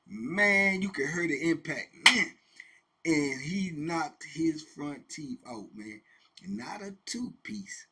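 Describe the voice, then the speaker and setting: A middle-aged man casually telling a prison story, animated, with sound effects and quoted voices. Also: on the high side, breathy edge. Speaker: host telling prison stories.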